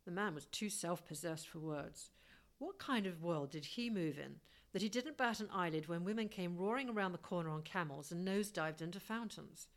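A woman's voice: fairly low pitch, animated, normal speed. A woman reading a first-person story aloud as an audiobook, with a wry, lightly humorous manner. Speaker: audiobook narrator. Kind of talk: storybook narration.

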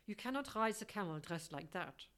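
A woman reading an audiobook, voicing a refined, unflappable middle-aged gentleman who speaks politely and calmly. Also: mid-range voice, moderate pace, clear, resonant tone, lightly acted. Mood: courteous. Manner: polite, composed and courteous.

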